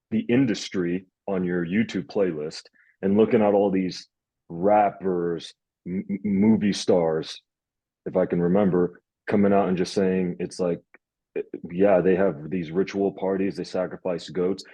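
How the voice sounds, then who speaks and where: Low, husky-voiced young male host. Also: no room sound, dull audio. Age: young adult. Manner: rambling, animated storyteller. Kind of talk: casual interview.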